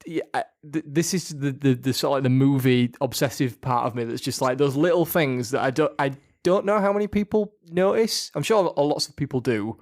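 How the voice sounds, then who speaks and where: A man's voice: mid-range voice, a little fast, few pauses. Rambling man on a casual podcast. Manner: rambling, many fillers and restarts. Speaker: podcast co-host. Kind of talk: casual chat.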